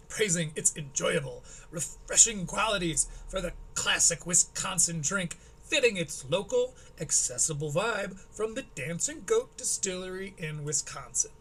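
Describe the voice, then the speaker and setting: A man's voice: high voice, fairly bright tone, a little hiss or hum. A man with a Michigan Midwestern accent, chatting wryly as a live-stream host reacting to a comedy special. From Michigan, USA. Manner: wry, chatty, quick asides.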